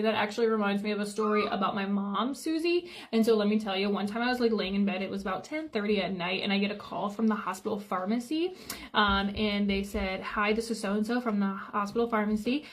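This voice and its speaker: A woman's voice: mid-range voice, fairly even intonation, fast talker. A woman telling a personal story casually to camera, rambling and repeating herself as she quotes each exchange. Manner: rambling, repeats "I was like" often.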